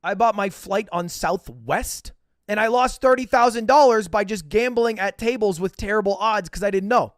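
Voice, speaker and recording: A man's voice: high voice, moderate pace, no room sound, studio quality. A man telling a casual, profane, self-mocking story as a podcast host.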